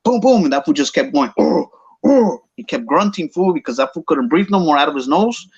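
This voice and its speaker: A man's voice: a little high, quick pace, husky, dull audio. A man with a Chicano English accent telling a story casually, slangy and mixing English with Spanish.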